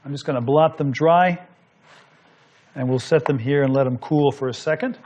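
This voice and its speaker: A man with a slightly high voice talks through a cooking demonstration as he chops and cooks. He explains each step in a relaxed, instructive manner, as if teaching the viewer. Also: moderate pace, dull audio. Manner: explanatory, talks while working. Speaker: cooking show host.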